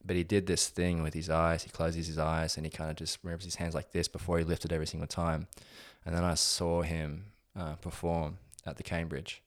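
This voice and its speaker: A young man who coaches strength training, chatting casually in an interview, relaxed and rambling with many fillers. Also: deep voice, moderate pace, few pauses, dry recording, clean studio sound. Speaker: gym owner and strength coach.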